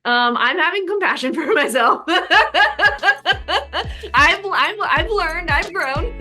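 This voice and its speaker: A woman hosting a podcast as a relationship coach, chatting casually and laughing often and loudly. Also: very high-pitched, very slow, pauses often, faint music behind.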